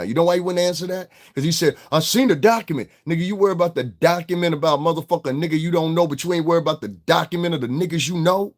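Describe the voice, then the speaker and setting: A livestream host with a slightly high, expressive voice delivers a fast casual rant with few pauses. He speaks bluntly and profanely right at his chat, dropping into mocking imitations of others.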